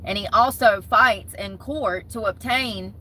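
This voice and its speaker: A young woman, chatting casually to camera as a vlogger, gossipy and animated. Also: mid-range voice, unhurried, slight background noise, low-quality recording. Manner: chatty, gossipy, talks with her hands in words like "y'all" and "homegirl".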